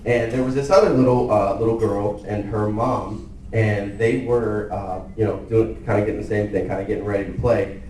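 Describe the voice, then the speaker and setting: A man's voice: fairly low pitch, fairly even intonation, moderate pace, mellow, a little hiss or hum. A young man telling a comedy story at an office party, chatty and rambling with lots of fillers. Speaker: employee doing a stand-up skit. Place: office holiday party, indoors. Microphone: far camera. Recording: echoey party room, far from the mic, faint ambience.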